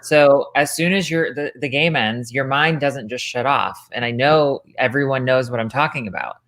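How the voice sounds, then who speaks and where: A woman's voice: rumbling low, normal speed, a bit bright. A woman commentating in casual chat, emphatic and insistent, often breaking in to make her point. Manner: emphatic, insistent, cuts in with "listen" and "look". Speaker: podcast commentator.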